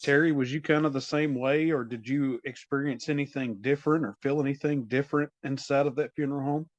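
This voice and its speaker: A man hosting a podcast who asks his guests questions slowly and hesitantly. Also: mid-range voice, fairly even intonation, dry recording, highs cut off. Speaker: podcast host. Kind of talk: interviewing guests.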